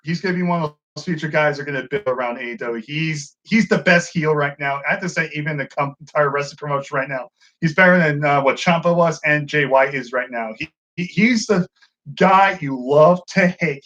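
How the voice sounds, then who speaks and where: A high-pitched man talks wrestling in a loose, foul-mouthed review, getting worked up and playing out the wrestlers' lines himself. The recording is a little dull and lo-fi. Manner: excitable, swears a lot, acts out quotes. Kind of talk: casual profane commentary. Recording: dull lo-fi sound.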